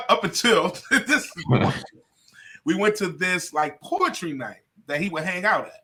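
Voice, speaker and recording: Animated, bright-voiced storytelling comedian. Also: male voice, high voice, unhurried. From Detroit, USA. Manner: animated storyteller, laughs often, curses. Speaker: comedian guest. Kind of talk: casual storytelling interview.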